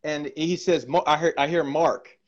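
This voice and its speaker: A man's voice: a little high, steady tone, normal speed. Fervent man preaching testimony, dull sound. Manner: fervent, repeats words and restarts. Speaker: minister sharing testimony. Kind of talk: charismatic testimony talk.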